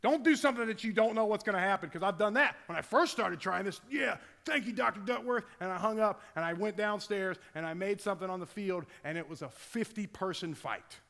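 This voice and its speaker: High-voiced energetic male coach. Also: brisk, vocal fry, hardly any pauses. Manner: energetic, acts out players' voices, bursts of shouting. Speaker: football strength coach. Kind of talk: conference presentation. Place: large conference hall. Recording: long hall reverb.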